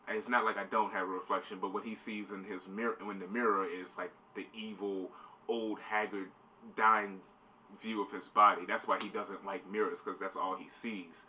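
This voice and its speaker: A man's voice: fairly low pitch, little pitch movement, normal speed, bright, forceful tone. Rambling man reviewing a show. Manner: rambling, loose, swears casually. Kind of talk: casual spoiler review. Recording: distant mic, faint background noise.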